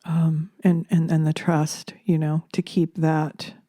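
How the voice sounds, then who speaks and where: A woman talking slowly into a close microphone in a soft, reflective spiritual monologue, pausing with fillers and slipping into near-whispers. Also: low voice, flat delivery, dry recording. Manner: soft-spoken, drifting into whispers, hesitant fillers. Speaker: spiritual channeler and podcaster.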